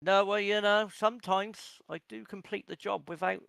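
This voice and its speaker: A man's voice: high-pitched, steady tone, moderate pace, creaky, a bit bright, clear, resonant tone, no echo. A man, a racing driver, giving a rambling, joking post-race interview full of teasing banter.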